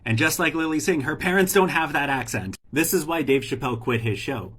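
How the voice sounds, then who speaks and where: A man giving sardonic, measured commentary. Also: a little high, a bit bright, slightly rough. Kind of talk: opinion commentary.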